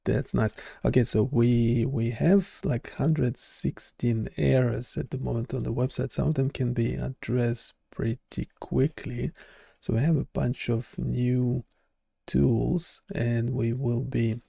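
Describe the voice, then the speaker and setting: A man's voice: mid-range voice, steady tone, slow pace, gravelly, warm tone, husky, no echo, studio quality. A man hosting a live development stream, chatting casually and hesitantly with an AI assistant. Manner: hesitant, restarts often, talks to an AI assistant.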